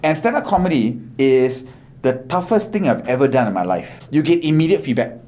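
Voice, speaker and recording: Animated comedian. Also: male voice, medium pitch, a little fast. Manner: animated, peppered with "right?" and swearing. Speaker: stand-up comedian, podcast guest. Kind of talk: casual podcast chat.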